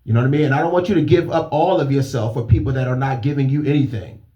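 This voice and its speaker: A man's voice: mid-range voice, very fast, warm tone, muffled recording. A man speaking emphatically, preaching advice with rhetorical questions to an audience. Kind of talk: motivational talk.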